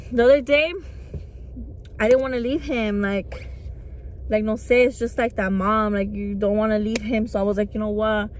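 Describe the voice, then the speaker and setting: A woman's voice: mid-range voice, steady tone, moderate pace. A young woman, a vlogger and makeup artist, chatting candidly to camera, swearing freely and mixing into her English. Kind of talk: casual chat to camera. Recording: noisy traffic background.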